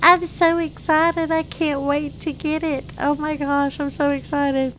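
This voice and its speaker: A woman's voice: sits high, little pitch movement, a little slow, a bit bright, a little hiss or hum, pitched above the performer's own voice, rough recording. A woman voicing her bewildered elderly mother in a sweet, pleading way. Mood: excited. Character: excited, confused elderly mother.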